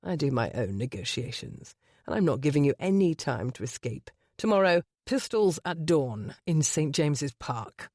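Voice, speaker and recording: A narrator voicing a ruthless self-made duke in an audiobook, speaking in a low, smooth and threatening way. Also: male voice, big pitch swings, normal speed, a little mellow, dry recording, studio quality. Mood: menacing. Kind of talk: audiobook character voice.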